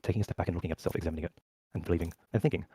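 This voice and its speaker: Man, very low husky voice, calm, measured, quick talker. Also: no echo, rough recording. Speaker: mediator in group call. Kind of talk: voice-chat discussion.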